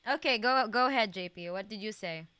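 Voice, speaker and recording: A woman's voice: mid-range voice, moderate pace, sharp tone, no room sound. A young woman streaming a video game, chatting casually in a rambling way, full of fillers and swearing and laughing often. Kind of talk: casual live-stream gaming chat.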